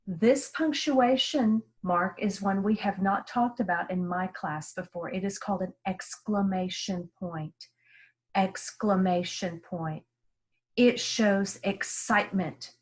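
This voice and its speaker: Slow, careful woman teaching young readers. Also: medium pitch, a little mellow. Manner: slow, careful, sounding words out clearly. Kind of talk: early-grade reading lesson.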